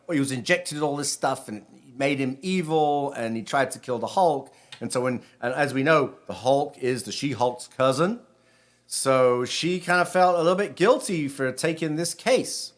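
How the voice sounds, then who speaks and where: A man from Britain, a rabbi, talks through a spiritual theme in a loose, conversational ramble. His voice sits at an ordinary middle pitch. He often restarts his sentences before finishing a thought. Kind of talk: casual spiritual talk.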